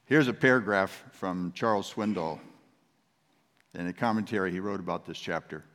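A man's voice: deep voice, normal speed, a bit bright, in a large hall. A man, a pastor, preaching a sermon in a conversational, storytelling manner.

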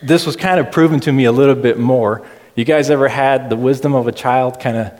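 A man giving a casual, chatty sermon in a low-key, self-deprecating way. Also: a little fast, darkish tone. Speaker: preacher. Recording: reverberant hall.

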